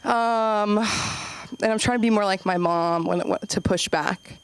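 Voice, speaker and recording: A woman's voice: medium pitch, unhurried, clear, resonant tone. A woman doing a stand-up comedy set on a club stage, chatty and self-deprecating, with lots of "like". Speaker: stand-up comic and show host.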